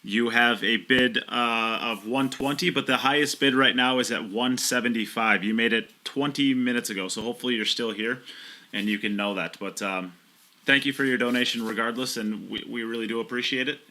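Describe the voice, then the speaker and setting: A man's voice: mid-range voice, fairly quick, pushed and bright. A man hosting a pool live stream, reading out donations and updates in a loose, friendly way. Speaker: stream host.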